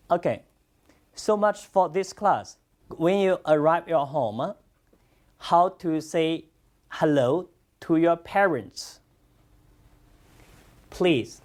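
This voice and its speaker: A Chinese language teacher, a native Chinese speaker, teaching a class in English with steady praise and repetition. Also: medium pitch. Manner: slow, encouraging, repeats lots of praise. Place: classroom with students.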